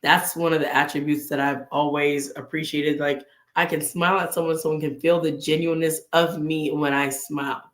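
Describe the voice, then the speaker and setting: A woman's voice: low voice, level tone, normal speed, hardly any pauses, roomy sound. A woman hosting a casual vlog, sharing faith and personal stories in an earnest way and acting out bits of inner dialogue. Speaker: vlog host.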